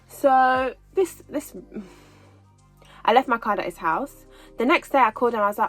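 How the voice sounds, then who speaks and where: A woman in her twenties telling a personal story in a casual storytime vlog, animated and repeating herself as she goes. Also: a little high, moderate pace, soft background music, poor audio. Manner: chatty, animated retelling with repeats. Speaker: vlogger.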